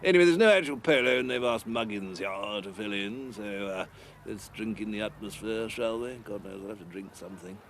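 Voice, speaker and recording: A doddery old upper-class English ex-army type, gravelly and creaky, rambling through comic commentary and muttering to himself. Faint hum of noise behind. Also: male voice, lowish voice, brisk, a bit bright. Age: older.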